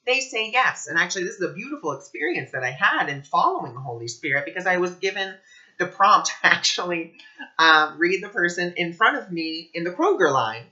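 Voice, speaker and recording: Bright, dull-recorded man talking earnestly about spirit, animated storyteller. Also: high voice, a little fast. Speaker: spiritual teacher. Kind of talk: casual spiritual talk to camera.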